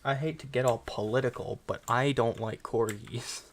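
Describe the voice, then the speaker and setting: A woman with an unusually deep voice chats on a gaming stream, trading dry, wry jokes. A light hiss of noise sits under her voice. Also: fairly even intonation, normal speed. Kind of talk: casual gaming stream chat.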